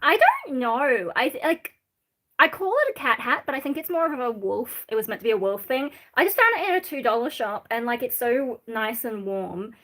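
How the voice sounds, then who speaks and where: Australian woman, raised in Sydney, voice a touch high, chatty rambling stream host answering chat. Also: very animated, normal speed, a bit bright. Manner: rambling, reads chat comments aloud and answers them. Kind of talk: casual live-stream chat.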